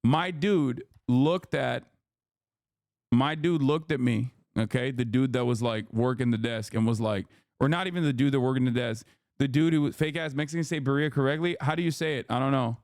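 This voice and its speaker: A man's voice: medium pitch, moderate pace, a little mellow, no echo, clean studio sound. A man hosting a livestream, telling a rambling, profane story in casual chat. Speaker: livestream host.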